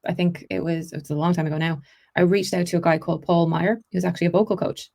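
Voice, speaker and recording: A woman with an Irish accent, an actress and accent coach, telling stories in a chatty podcast interview, quick and full of restarts. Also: on the low side, fairly even intonation, vocal fry, darkish tone. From Ireland.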